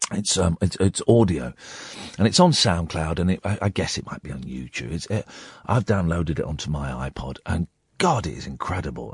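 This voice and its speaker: Man, radio talk host, rambling and halting, dry close studio mic. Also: sits low, darkish tone, breathy edge, dry recording. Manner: rambling, halting with many fillers and restarts. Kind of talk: late-night radio chat. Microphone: studio microphone.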